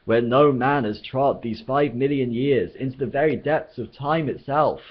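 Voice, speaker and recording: A man voicing a brash, excitable male alien adventurer, loud and breezy in a dull lo-fi recording. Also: medium pitch, normal speed, husky, voice pushed up, natural voice. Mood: excited.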